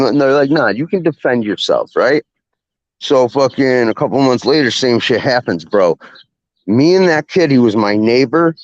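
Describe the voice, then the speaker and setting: A young man telling a story in a casual, rambling way, swearing constantly and laughing along. His voice sits at an ordinary pitch, recorded dry and close with a dull, lo-fi sound. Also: animated, normal speed, no echo. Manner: profane, rambling, laughs often. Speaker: podcast host.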